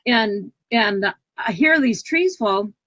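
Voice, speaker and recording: Animated middle-aged woman telling a story. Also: fairly high pitch, slow pace, no echo, highs cut off. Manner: animated, acts out quoted speech with sudden loud outbursts. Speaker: guest. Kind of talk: conversational storytelling. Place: travel trailer.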